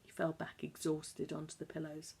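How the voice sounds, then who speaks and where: A woman narrating a novel aloud in a measured, calm storytelling manner. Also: low voice, creaky, breathy edge. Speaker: audiobook narrator. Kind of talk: scripted narration.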